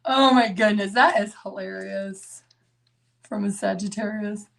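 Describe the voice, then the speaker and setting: A woman's voice: mid-range voice, unhurried, creaky, low-quality recording. A woman giving a live tarot reading, chatting casually and breaking into laughter often. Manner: casual, laughs a lot, talks to herself. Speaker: tarot reader.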